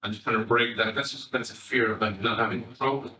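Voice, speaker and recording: A man's voice: lowish voice, fast, recorded from a distance. Irish man speaking in an echoey hall. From Ireland. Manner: animated storytelling, acting out quoted dialogue. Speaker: family psychotherapist giving a talk. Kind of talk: conference talk to educators.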